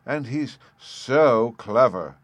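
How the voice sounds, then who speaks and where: A man's voice: mid-range voice, animated, extremely slow, dry recording, voice pushed up. A man voicing an imperious, huge noblewoman who speaks harshly and overbearingly. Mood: lofty. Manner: loud and overbearing.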